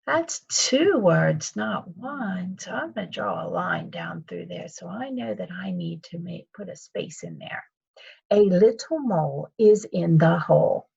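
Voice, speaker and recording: A woman's voice: on the low side, gravelly, a little mellow, slightly rough, lo-fi sound. A woman teaching kindergarten children in a recorded video lesson, talking patiently in a sing-song teacher voice and calling herself by her surname.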